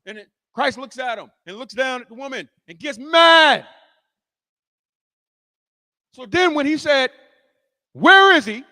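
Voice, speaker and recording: A man preaching a sermon as pastor, telling the story in animated fashion, acting out the scene and rising to shouts. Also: very high voice, measured pace, pauses often, big-room sound.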